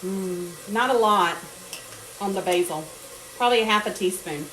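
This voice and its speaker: A woman's voice: medium pitch, normal speed, a bit bright. Chatty woman cooking in an echoey kitchen. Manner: chatty, greets viewers by name, laughs often. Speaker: host cooking on a live stream. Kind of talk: casual live cooking chat. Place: home kitchen. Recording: echoey kitchen with faint noise.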